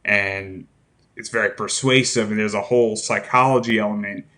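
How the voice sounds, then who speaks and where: Lower-voiced man hosting a casual interview. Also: fairly even intonation, normal speed, pushed and bright. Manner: rambling, thinks aloud with restarts. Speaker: podcast host.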